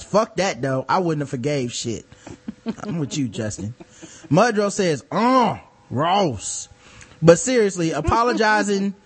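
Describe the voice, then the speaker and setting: A man hosting a podcast, chatting casually with a blunt and profane edge. His voice sits a little on the high side for a man, and he talks in an animated way. He swears freely as he riffs on listener mail. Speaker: podcast host. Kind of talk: casual chat.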